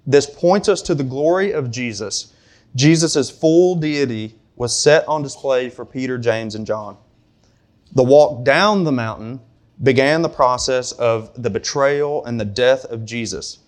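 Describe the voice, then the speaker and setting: A man's voice: medium pitch, unhurried. A man preaching a sermon to a congregation in a conversational way, with asides and questions to the room. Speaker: pastor.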